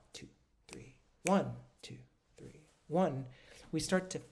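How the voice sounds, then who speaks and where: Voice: medium pitch, a little mellow. A music instructor gives a recorded lesson, talking casually and patiently while drawing notation, with many ums and self-corrections.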